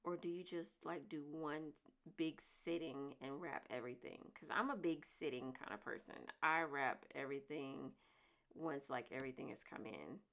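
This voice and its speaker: A vlogger in her thirties chats casually to the camera in a low voice at normal speed, speaking emphatically and hammering her points home through repetition.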